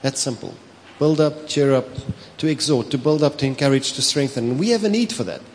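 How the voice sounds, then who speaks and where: A pastor with a South African accent, preaching a sermon, telling stories with animation, slipping into Afrikaans and laughing often. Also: male voice, mid-range voice, animated, brisk, slight background noise. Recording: long hall reverb with faint ambience.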